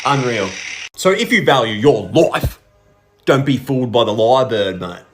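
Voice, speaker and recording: A man's voice: medium pitch, expressive, moderate pace, soft background music. Aussie guy swearing his way thru funny countdowns, bouncy up and down delivery. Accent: Australian. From Australia. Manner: brash and sweary, slangy. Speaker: comedy content creator. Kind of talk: comic countdown commentary.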